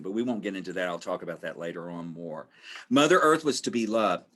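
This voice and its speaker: A man's voice: sits low, fairly quick. A man giving a webinar presentation with a voice that rises and falls a lot. He tells stories in a chatty way, repeats phrases for emphasis, and slips into the voices of people he quotes. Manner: animated storytelling, acts out quoted voices. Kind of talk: conversational presentation.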